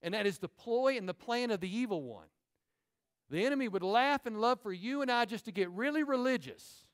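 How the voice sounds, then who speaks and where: High-voiced preaching man. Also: clear, resonant tone. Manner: animated preaching, quick asides to the congregation. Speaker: pastor. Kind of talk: sermon. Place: church sanctuary.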